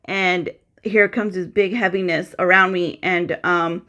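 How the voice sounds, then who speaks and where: A woman in her thirties with a bright, clear voice, talking casually straight to her viewers. She chats in a loose, personal way and acts out the back-and-forth of conversations she remembers. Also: fairly low pitch, fairly even intonation, unhurried, muffled recording. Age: 30s. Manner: chatty, addresses viewers as guys, acts out dialogue. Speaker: vlogger sharing a personal story.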